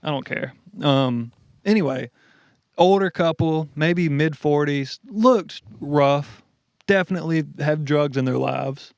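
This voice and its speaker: A man co-hosting a podcast, telling a story in casual chat, animated and swearing freely. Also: fairly high pitch, slow pace, clear, resonant tone, no room sound, studio quality. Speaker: podcast co-host.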